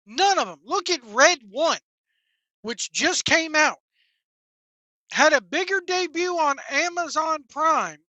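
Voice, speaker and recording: A woman's voice: high voice, expressive, slow, pauses often, bright, forceful tone, no room sound. A woman hosting a wrestling talk show, delivering a blunt, profane, exasperated solo rant. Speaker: wrestling commentary host. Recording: dull, dry lo-fi sound.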